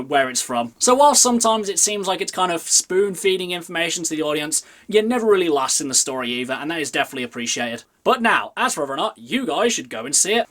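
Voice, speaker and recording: Guy doing a casual movie review, bit of a high voice, chatty, jumps up on the big words. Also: fairly bright tone. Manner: chatty, with emphatic jumps up in pitch on key phrases. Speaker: film reviewer.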